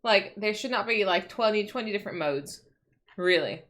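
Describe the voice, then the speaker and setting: A woman's voice: medium pitch, lively intonation, moderate pace, fairly bright tone. A woman streamer chatting casually at home, ranting in exasperation, swearing and restarting her sentences. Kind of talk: casual livestream chat.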